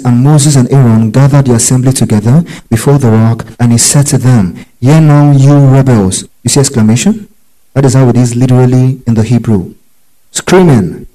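A man's voice: mid-range voice, mellow, poor audio. A man teaching a Bible study, reading verses aloud and telling listeners which words to underline.

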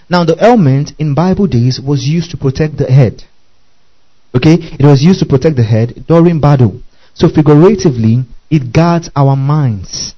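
A man's voice: a little high, dark tone, highs cut off. Emphatic male preacher quizzing his congregation. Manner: emphatic, questions the congregation often, spells Greek words, laughs. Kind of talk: sermon.

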